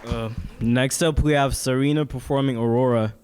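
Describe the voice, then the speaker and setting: A man's voice: medium pitch, fairly even intonation, normal speed, darkish tone. A man acting as emcee, giving brief, casual introductions of each poet. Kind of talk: event announcements. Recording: noisy room sound.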